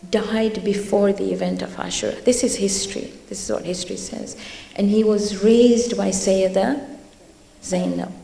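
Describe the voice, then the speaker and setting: A woman's voice: medium pitch, gravelly, mellow. A woman giving an earnest religious talk, urging her listeners and telling stories. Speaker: religious lecturer. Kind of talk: religious talk to a youth audience. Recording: echoey hall with long reverb.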